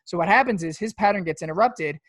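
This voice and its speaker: A man co-hosts a casual podcast, telling stories loosely and profanely with lots of fillers. His voice sits high, is fast and fairly bright, and the studio-quality recording has no room sound.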